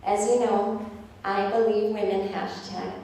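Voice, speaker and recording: A woman's voice: mid-range voice, fairly even intonation, a little slow, mellow, distant mic, lightly acted. A woman comedian acting out her earnest older mother, lecturing and protective. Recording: echoey live club, faint noise.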